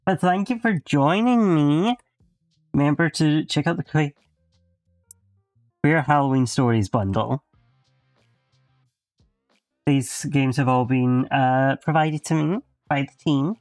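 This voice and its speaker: Male streamer, casual chat, relaxed, close mic, dry sound, faint music. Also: medium pitch, no room sound. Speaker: game streamer.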